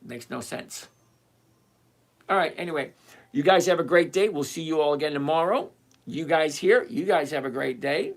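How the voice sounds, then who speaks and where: A livestream host teaching options trading, reading out and answering chat questions in an animated, chatty, direct and repetitive way. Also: medium pitch, moderate pace.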